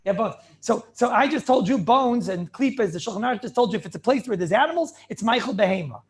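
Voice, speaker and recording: A man, a rabbi, giving a lively class, asking questions, laughing often and repeating words as he restarts. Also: high voice, fast talker. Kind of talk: lively Talmud class lecture.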